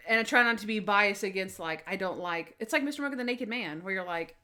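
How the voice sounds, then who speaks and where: A young woman co-hosting a podcast in casual chat, animated and acting out scenes in quoted voices. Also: mid-range voice, quick pace, hardly any pauses. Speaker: podcast co-host.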